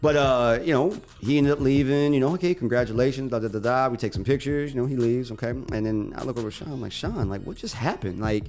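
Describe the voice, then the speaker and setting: A man co-hosting a radio talk show, telling a long personal story in a lively, animated way and acting out the other people's lines. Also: mid-range voice, fast talker, hardly any pauses.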